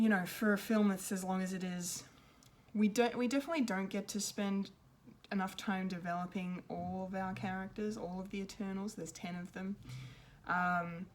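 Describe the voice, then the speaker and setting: A woman's voice: medium pitch, a little hiss or hum. A woman giving an unscripted film review, rambling and hesitant, with many ums and restarts. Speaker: pop culture reviewer.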